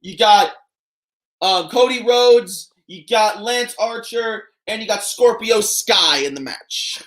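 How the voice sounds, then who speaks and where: A man co-hosting a wrestling watch-along, commenting casually and breaking into loud excited exclamations. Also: high-pitched, slow pace.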